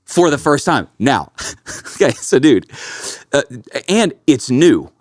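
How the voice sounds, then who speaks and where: A man's voice: mid-range voice, big pitch swings, slow, no room sound, studio quality. A man hosting a casual podcast, telling stories with lots of energy and calling his co-host bro and dude. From Kentucky.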